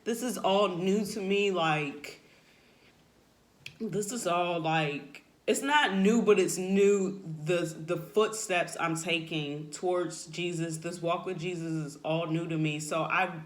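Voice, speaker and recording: A woman tells her faith testimony in an unhurried, heartfelt way. She is earnest and halting, and she leans on "like" and "you know" as she searches for words. At moments she grows emotional, and her voice sinks soft and quiet. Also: on the low side. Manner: emotional, voice drops softly at times. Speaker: person sharing a faith testimony. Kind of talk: heartfelt personal testimony, unscripted.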